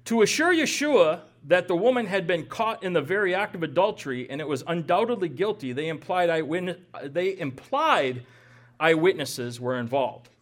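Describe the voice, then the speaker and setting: Man, fairly high voice, Bible teacher, emphatic lecturing, wry asides. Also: animated, moderate pace.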